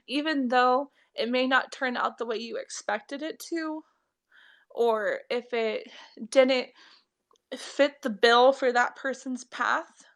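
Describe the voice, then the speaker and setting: A young woman spiritual reader talks to her viewers on a live stream, tearful and earnest. Her voice is high and emotional, and the words come slowly between her tears. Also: steady tone. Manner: tearful, heartfelt, affectionate. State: crying.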